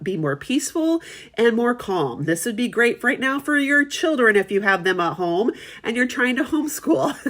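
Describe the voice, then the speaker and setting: A woman's voice: fairly high pitch, a bit bright. A middle-aged woman giving a casual product demonstration, chatty and friendly, often checking in with her viewers.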